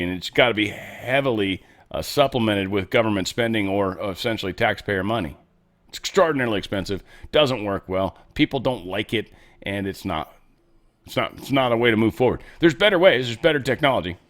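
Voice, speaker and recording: A man riffing through casual commentary as host, his pitch rising and falling widely. He jokes and scoffs, jumping from loud outbursts to low muttering. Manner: loose, joking, sarcastic, swings between loud bursts and low mutters. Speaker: show host.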